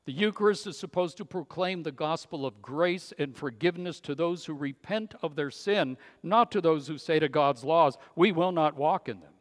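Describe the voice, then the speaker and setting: Emphatic preacher in a reverberant hall. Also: male voice, a little high, normal speed, hardly any pauses. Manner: emphatic, swings from loud to hushed. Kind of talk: sermon.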